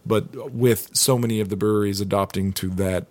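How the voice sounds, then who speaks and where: A man's voice: lowish voice, steady tone, moderate pace, a little mellow. A man chatting casually as co-host, loose and profane, with laughing asides. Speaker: podcast co-host. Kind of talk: casual chat.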